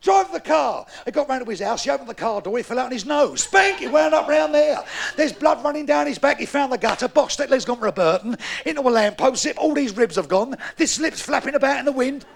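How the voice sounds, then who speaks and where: A middle-aged man telling stand-up jokes on a live stage, rowdy and shouting out sound-effect punchlines. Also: very high voice, expressive, fast, vocal fry. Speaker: stand-up comedian. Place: live stage before an audience.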